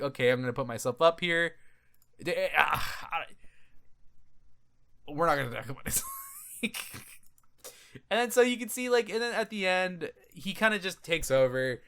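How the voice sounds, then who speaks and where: A man with a bright, fairly high voice that jumps around a lot in pitch, giving casual commentary over a gaming clip. He is excitable and profane, laughing and tripping over his words. He talks like a gaming channel host breaking down footage. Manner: excitable, swears freely, laughs and restarts often.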